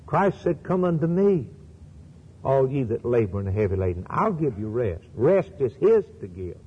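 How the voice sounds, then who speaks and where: A man's voice: medium pitch, sing-song, normal speed, husky. A man preaching a sermon on a broadcast, emphatic, repeating phrases for stress and quoting scripture. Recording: lo-fi broadcast with long reverb.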